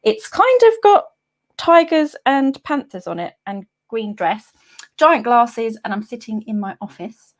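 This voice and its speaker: A woman's voice: a little high, lively intonation, unhurried. A woman hosting a casual interview from her office, friendly and hesitant with frequent ums. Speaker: host.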